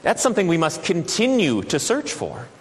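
A man preaching a sermon as pastor, reflective and measured, with slow dramatic pauses. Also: fairly high pitch, wildly swooping pitch, big-room sound.

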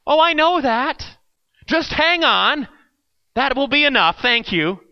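A man voicing a stranger who speaks in a calm, polite but insistent way. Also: very high voice, slow, muffled recording, voice pushed up, exaggerated voice.

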